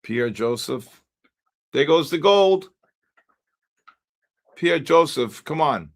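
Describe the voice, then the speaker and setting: A man's voice: a little high, expressive, slow. A man hosting a live trading stream, calling out viewer names one by one like an auctioneer. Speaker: livestream host.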